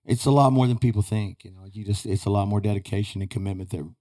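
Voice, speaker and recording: A man's voice: fairly low pitch, fast talker, warm tone. A man telling rambling, folksy stories as a guest in a studio. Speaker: podcast guest, retired rodeo roper. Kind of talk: casual chat.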